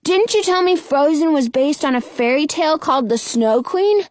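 A woman voicing a calm, sensible young boy. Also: high-pitched, normal speed, pitched above the performer's own voice. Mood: matter-of-fact.

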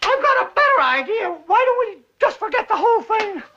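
A squeaky-voiced flustered businessman. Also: sing-song, brisk, bright, forceful tone, heavily acted. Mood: worried. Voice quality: squeaky, strained. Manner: flustered, worried. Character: businessman whose voice went squeaky from pills. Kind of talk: 1960s sitcom acting. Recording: dull lo-fi TV soundtrack.

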